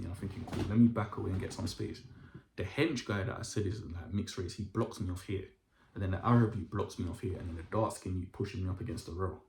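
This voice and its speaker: A man's voice: deep voice, a little mellow. A young man telling a story to camera in casual street slang, acting out the quotes of the people in it. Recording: echoey room.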